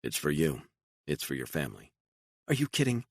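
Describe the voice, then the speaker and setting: A man's voice: very deep voice, huge pitch swings, normal speed, no echo, studio quality, exaggerated voice. A man voicing a frightened, emotional woman on the run, pleading and incredulous and raising her voice often, in an audiobook.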